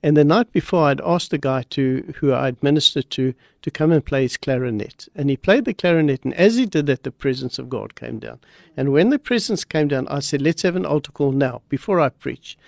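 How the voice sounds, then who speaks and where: A man's voice: mid-range voice, animated, a little fast, vocal fry, a little mellow, no echo, studio quality. A man speaking as a guest pastor on a radio program, telling a story in an earnest, emphatic way.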